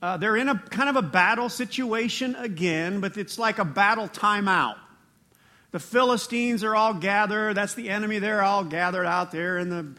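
A man preaching a sermon as pastor, animated, with laughing asides and rising emphasis. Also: high voice, moderate pace.

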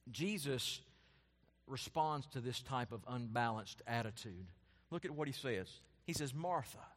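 A man preaching a sermon as a pastor, building his points in rising, emphatic lists and then dropping his voice to soft, quiet asides. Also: mid-range voice, long reverb tail.

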